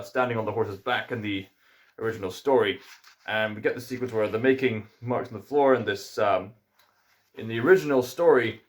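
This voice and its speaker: A man with a Scottish accent giving a casual film review, musing and hesitant, with frequent fillers. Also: medium pitch.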